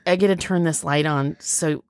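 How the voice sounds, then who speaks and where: A woman's voice: sits low, normal speed, no room sound. A woman in her thirties co-hosting a podcast, telling a long story in casual chat with lots of fillers and acted-out quotes. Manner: rambling, animated storytelling with fillers and quoted voices. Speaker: podcast co-host.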